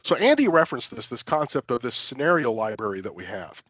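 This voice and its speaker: A man walks through software admin settings in a loose, self-deprecating webinar style, full of fillers and quick restarts. His voice sits in a middle range and sounds close and dry, with almost no room around it. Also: mid-range voice, big pitch swings, husky, no room sound. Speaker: webinar presenter. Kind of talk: casual technical webinar talk.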